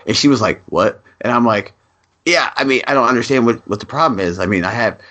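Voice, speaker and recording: Man, podcast co-host, animated storyteller, acts out calls, casual swearing. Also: medium pitch, fast. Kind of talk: casual chat.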